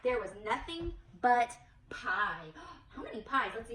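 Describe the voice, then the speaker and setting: A young woman, a preschool teacher, reading a picture book aloud to a toddler in an animated, coaxing, sing-song way. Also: a little high, unhurried, reverberant, far from the mic, slight background noise, poor audio.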